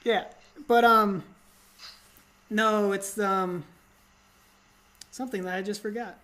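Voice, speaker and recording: A giggly woman co-hosting a casual film podcast. She talks at an everyday pitch and keeps breaking into laughter. Now and then she drops into silly voices to quote movie lines. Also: fairly even intonation, slow pace, fairly bright tone. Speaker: podcast co-host.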